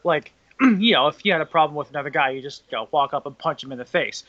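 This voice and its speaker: Bright-voiced sarcastic young man. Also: fairly high pitch, expressive, fast talker, no room sound, lo-fi sound. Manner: sarcastic, blunt. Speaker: wrestling podcast co-host. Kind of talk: casual review chat.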